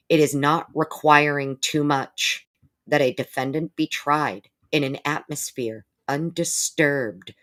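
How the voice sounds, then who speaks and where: A woman hosting a live stream, reading court documents aloud and breaking off now and then for wry casual remarks. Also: rumbling low. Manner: reads legal text steadily, breaking off for wry remarks.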